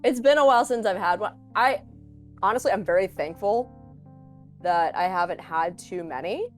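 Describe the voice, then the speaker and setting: A woman, a content creator, chatting as a guest in a casual interview, telling lively stories and acting out quotes with laughter. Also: mid-range voice, moderate pace, faint music behind. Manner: animated storyteller, acts out quotes, laughs often.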